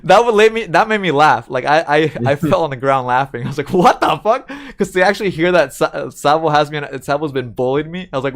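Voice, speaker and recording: A man's voice: mid-range voice, clear, resonant tone. A man commenting casually on a replayed call, rambling and repeating himself. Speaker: streamer reacting to a clip of his own call-in.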